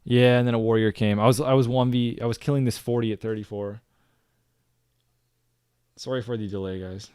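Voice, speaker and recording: A man chats through replays of his own gameplay, excitable and talkative, constantly turning to his audience. His voice sits at a middling pitch for a man. It is recorded close and dry, with no room sound. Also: fairly quick, long pauses, clean tone, no room sound. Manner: chatty, excitable, addresses viewers as guys. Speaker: gaming streamer reviewing his own clips. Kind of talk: casual game commentary to viewers.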